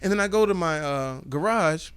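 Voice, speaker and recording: A man guest telling animated, profane stories in a casual interview, acting out the dialogue. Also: a little high, normal speed, clean tone, no echo. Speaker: guest, comedian and actor.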